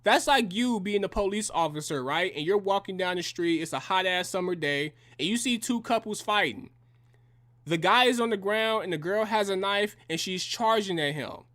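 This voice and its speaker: A man's voice: high voice, normal speed, a bit bright. A young man delivering a heated, profane and combative reaction rant in slangy language. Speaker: reaction commentator.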